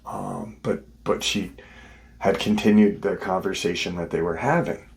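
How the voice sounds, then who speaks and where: A man's voice: low-pitched, unhurried. A man hosting his show, casually retelling a witness's story in a conversational way. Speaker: host.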